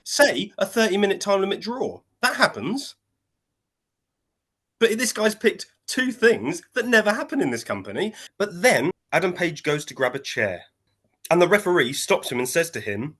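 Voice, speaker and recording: A man, co-hosting a casual wrestling chat and retelling a match in an animated way, jumping into quoted voices. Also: sits high, normal speed. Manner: animated storytelling, acting out quotes in shifting voices. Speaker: wrestling podcast co-host.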